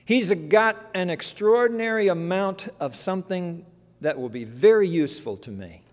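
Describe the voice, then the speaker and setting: A preacher voicing a calm, knowing Jesus. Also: male voice, sits high, moderate pace, big-room sound. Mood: quiet knowing. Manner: quiet and confident, rises to a shout.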